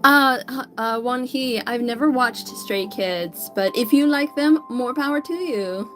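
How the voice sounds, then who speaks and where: Woman streamer, slightly high voice, chatty and upbeat, soft music playing behind. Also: unhurried. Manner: greets chat viewers by name, chatty and upbeat. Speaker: digital artist streamer. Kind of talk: casual livestream chat while drawing.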